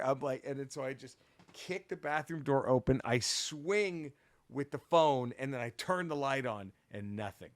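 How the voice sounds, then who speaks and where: A man's voice: mid-range voice, normal speed, no room sound. Man telling a story, cursing freely, dry sound. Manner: profane, rambling, animated retelling with restarts. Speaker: podcast co-host. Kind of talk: casual storytelling.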